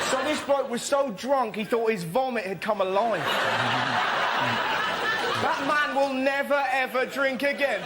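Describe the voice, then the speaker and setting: A man doing panel show stand-up, animated and often shouting in put-on voices. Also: sits high, normal speed, a loud crowd. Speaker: comedian. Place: TV studio with live audience. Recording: TV studio with loud audience and noise.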